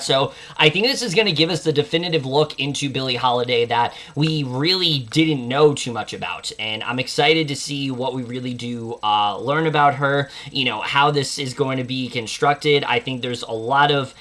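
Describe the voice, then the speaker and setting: A man's voice: mid-range voice, normal speed, few pauses, a bit bright. A young man hosting a casual movie preview, enthusiastic and full of fillers. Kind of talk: casual film chat.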